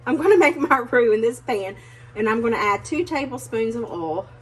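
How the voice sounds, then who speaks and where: On the high side and expressive, her voice moves at normal speed as she hosts a casual cooking vlog in her home kitchen. This cooking channel host speaks directly to viewers in a chatty, self-deprecating way, with clear kitchen noise of pots, pans and whisking behind her.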